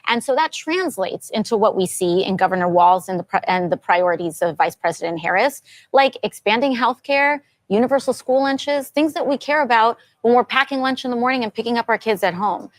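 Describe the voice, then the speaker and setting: A woman politician from the United States answering a television interviewer in measured talking points. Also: on the high side, animated, no room sound.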